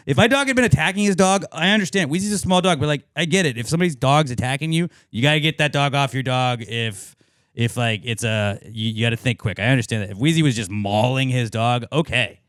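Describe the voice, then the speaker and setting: A man's voice: mid-range voice, quick pace, fairly bright tone, no room sound, clean studio sound. A man in his thirties, co-hosting a podcast, who tells rambling, profane stories full of filler words in casual chat. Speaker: podcast co-host.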